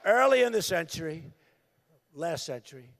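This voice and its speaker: A man giving a campaign rally speech, emphatic and repetitive, breaking into shouted bursts. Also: a little high, big pitch swings, moderate pace, creaky, some chatter behind. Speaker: political candidate.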